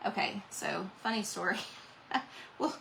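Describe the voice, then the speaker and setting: A middle-aged woman with a drawl talks loosely and warmly to her viewers as she paints, drifting from one thought to the next. Her voice has a bright, clear edge. A faint noise hangs in the background. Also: medium pitch, a little slow, low-quality recording. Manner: rambling, chatty, reads out viewer comments. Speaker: craft livestream host. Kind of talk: casual livestream chat while painting.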